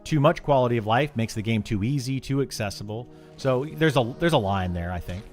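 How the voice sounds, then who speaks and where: A game streamer with a medium-pitched voice talks fairly quickly and directly to his chat, highly animated and varied in tone. Frank and opinionated, he reads messages aloud and answers them, stammering and restarting as he gets heated. Soft music plays beneath him.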